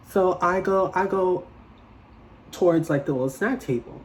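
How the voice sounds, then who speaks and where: A young man telling a storytime tale in a casual, animated, dramatic way, swearing freely. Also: high-pitched, normal speed, a little hiss or hum, rough recording. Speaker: vlogger.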